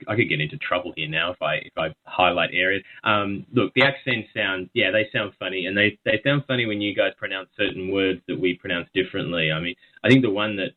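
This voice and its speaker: An Australian man chats and tells stories with easy laughs. His voice sits very low. It comes through a narrow, tinny phone line. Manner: chatty storyteller, laughs easily. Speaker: guest. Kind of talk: casual chat. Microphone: phone call.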